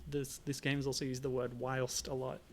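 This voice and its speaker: A man's voice: mid-range voice, completely flat delivery, moderate pace, a little hiss or hum. A man streaming a game, chatting casually in a rambling, self-deprecating way. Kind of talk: casual let's-play chat.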